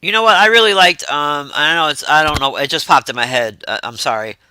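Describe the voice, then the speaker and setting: A woman's voice: low-pitched, brisk, bright, forceful tone, clean tone. A woman hosting a livestream, chatting loosely and reacting to messages from her chat. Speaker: livestream host.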